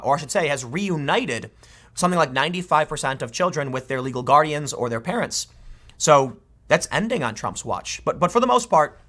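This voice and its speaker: A man's voice: fairly high pitch, sharp tone. A man giving an unscripted political commentary monologue, opinionated, with mocking asides.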